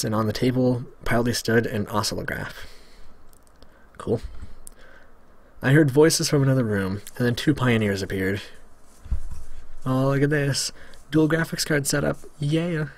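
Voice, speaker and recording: A man casually reading a visual novel aloud, stumbling over words and adding joking asides. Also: medium pitch. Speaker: Let's Play host.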